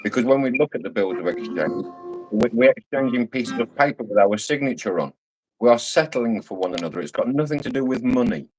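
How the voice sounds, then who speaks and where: A Scottish man holds forth in a casual chat, emphatic and lecturing, circling back to repeat his points. His voice sits at a middle pitch, with faint guitar music behind him. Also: animated, brisk, a little mellow, rough recording. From Scotland. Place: home.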